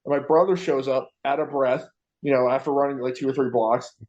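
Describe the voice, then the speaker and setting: Speaking briskly in a mid-range voice over lo-fi sound, a male podcast co-host recounts a story casually. His telling is animated and full of swearing, with the characters' lines acted out in their voices.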